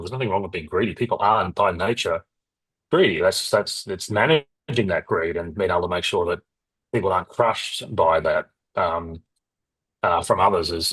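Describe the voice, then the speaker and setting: A husky, low-voiced man talks fast and freely. He's a company founder in an interview, rambling through stories and acting out what others said to him. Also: rough recording. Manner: rapid, rambling, animated, acts out quoted dialogue. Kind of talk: candid interview storytelling.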